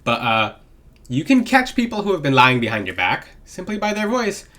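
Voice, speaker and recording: A man giving casual spiritual advice in a vlog, rambling with restarts and swooping his voice up and down to demonstrate. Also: normal speed. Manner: animated, swooping pitch to demonstrate. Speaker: spiritual voice coach.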